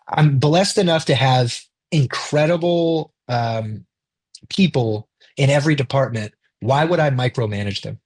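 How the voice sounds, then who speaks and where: Husky man chatting casually. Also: a little high. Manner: loose and chatty, swears casually, quotes others in quick bursts. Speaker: interview guest, film director. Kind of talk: casual interview chat.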